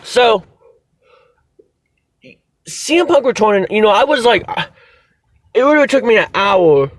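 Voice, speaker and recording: In an unhurried, rambling wrestling review, a high-voiced man gets excited, restarts often, and swears casually. The recording is dry and close, with no room sound.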